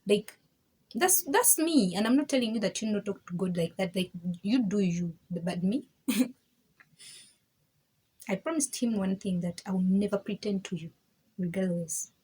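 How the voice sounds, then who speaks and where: A woman's voice: medium pitch, moderate pace, long pauses, mellow, breathy edge, low-quality recording. A woman giving a candid personal faith testimony, emphatic and frank, repeating herself and laughing between points. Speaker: vlogger sharing her faith testimony.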